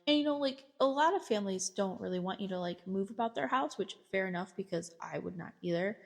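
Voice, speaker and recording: A woman's voice: mid-range voice, lively intonation, quick pace, creaky. A woman hosting a podcast, chatting casually and self-deprecatingly about her work, with lots of filler words. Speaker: podcast host, behavior technician. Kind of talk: casual chat.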